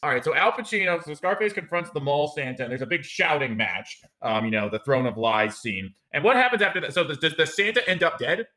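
Male podcast co-host, bright, a bit high, animated comedic chatter. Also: brisk, hardly any pauses. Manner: animated, laughs often. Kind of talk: casual comedic chat.

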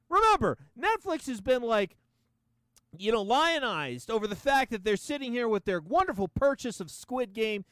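High-voiced sarcastic man ranting. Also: sing-song, moderate pace, a bit bright, dry recording. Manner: profane, sarcastic, laughing often. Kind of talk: casual comedic rant.

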